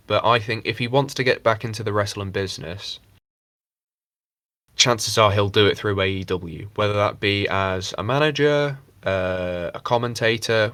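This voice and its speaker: A man co-hosts a casual podcast in a somewhat low voice. He rambles, swears freely and slips into mocking impressions. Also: fairly bright tone, dry recording. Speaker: podcast co-host. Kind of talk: casual chat.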